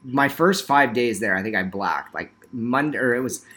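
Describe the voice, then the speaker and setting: A man's voice: mid-range voice, animated, normal speed, pushed and bright. A man chatting with friends who cuts in with dry, wry remarks. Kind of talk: casual chat.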